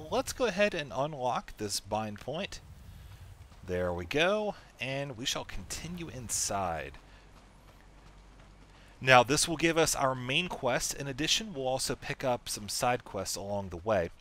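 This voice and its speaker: A man's voice: medium pitch, a bit bright, slight background noise. A man casually commenting while playing a video game, chatty and joking. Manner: chatty, joking, laughs often. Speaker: let's play host.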